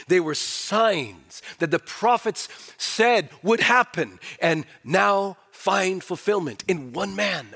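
A male pastor preaching a sermon, swinging from emphatic declarations to hushed, low asides. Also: lively intonation, a little slow, hardly any pauses, slightly rough.

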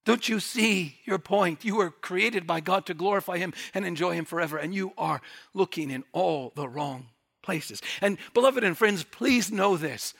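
A man preaching a sermon, animated and emphatic, rising to near-shouts when he presses a point. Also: sits high, moderate pace, vocal fry. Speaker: pastor.

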